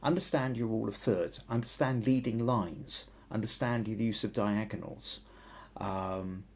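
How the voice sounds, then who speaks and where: Man, Southern English accent, podcast host, husky, thoughtful, restarts sentences. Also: lowish voice, steady tone, measured pace. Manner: thoughtful, restarts sentences often, reads out viewer comments. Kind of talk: live photography podcast chat.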